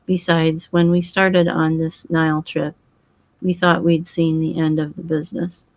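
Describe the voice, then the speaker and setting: A woman's voice: low-pitched, flat delivery, a little slow, dry recording, rough recording. A woman voicing an earnest, boyish young English husband who talks frankly and eagerly.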